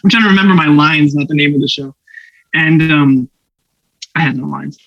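A man's voice: fairly high pitch, normal speed, vocal fry, dry recording, highs cut off. A young man from Canada, an actor guest, telling anecdotes animatedly with laughs and put-on voices. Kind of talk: casual storytelling interview.

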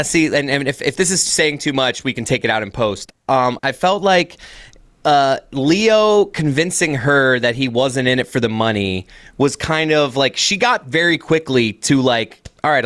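A man co-hosting a casual podcast, sharing opinions in a halting way with frequent restarts. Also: mid-range voice, animated, a bit bright, no echo. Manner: halting, with restarts and searching for words. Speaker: podcast co-host.

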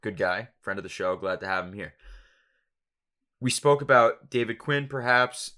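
A man co-hosting a casual sports podcast, making wry, quick jokey asides. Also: on the low side, sharp tone. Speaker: podcast co-host.

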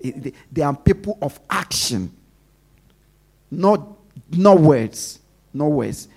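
A man preaching a sermon in a call-and-response style, swinging between loud stresses and soft asides and leaving questions for the congregation to finish. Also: on the high side, sing-song, takes it slowly, gravelly, breathy edge.

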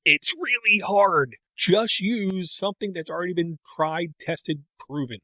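Middle-aged guy rambling on a podcast, kinda high voice, dead dry sound. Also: unhurried, pushed and bright, no echo. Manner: rambling, self-interrupting, tangents. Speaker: podcast co-host. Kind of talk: casual chat.

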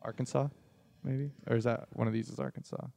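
A young man co-hosting a podcast in casual chat, talking in a low-key, offhand way. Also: flat delivery, brisk, vocal fry, dark tone. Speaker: podcast co-host.

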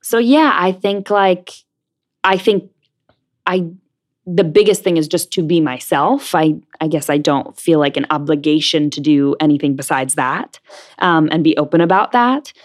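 A young woman talks freely as an interview guest, piling in fillers as she goes. Her voice sits low for a woman. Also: normal speed. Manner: chatty, lots of fillers. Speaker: interview guest, stage actress. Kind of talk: casual interview chat.

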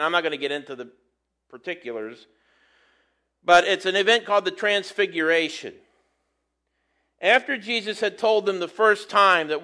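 A man's voice: on the high side, sharp tone. A man preaching a casual sermon, folksy and conversational, with playful asides. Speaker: preacher teaching from the Bible.

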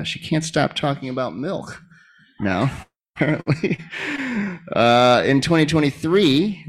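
A man hosting a live reading, introducing readers in a loose, joking way with casual fillers. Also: mid-range voice. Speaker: host of a reading event.

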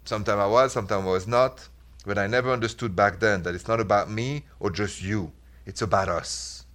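A man's voice: on the low side, brisk, fairly bright tone. A man hosting a radio advice show, talking in an earnest, reflective way with simple repeated phrases. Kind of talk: casual radio talk.

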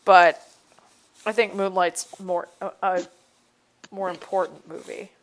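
A woman's voice: fairly low pitch, flat delivery, slow. A young woman co-hosting a casual podcast chat, rambling with lots of fillers and restarts. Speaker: podcast co-host.

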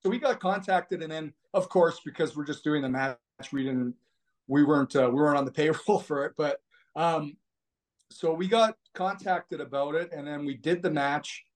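A man, a podcast guest, telling stories in a rambling, animated way full of fillers. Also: on the high side, moderate pace. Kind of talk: casual storytelling conversation.

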